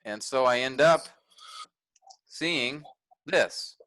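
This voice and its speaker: A man's voice: mid-range voice, big pitch swings, takes it slowly, long pauses, a bit bright, dry recording, poor audio. A man teaching a graduate workshop in a conversational way, thinking aloud with restarts and fillers.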